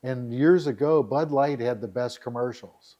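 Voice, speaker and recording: A middle-aged man, a guest on a podcast, telling stories in a lively, animated way and acting out scenes as he goes. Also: medium pitch, unhurried, muffled recording. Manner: animated storyteller, acts out scenes. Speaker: dating site founder, guest. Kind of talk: storytelling in a podcast interview.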